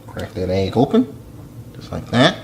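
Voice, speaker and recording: A man giving a casual cooking demonstration in a home kitchen, with folksy, relaxed step-by-step instructions. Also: sits low, a little slow, vocal fry, a little hiss or hum.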